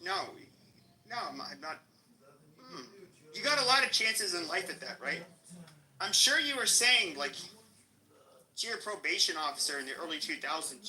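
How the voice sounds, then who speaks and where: A man's voice: high voice, animated, normal speed, pauses often, pushed and bright, poor audio. A man with an American accent hosting a live podcast stream, taunting and cursing at a rival in a heated rant. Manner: aggressive, taunting, profane. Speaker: podcast host.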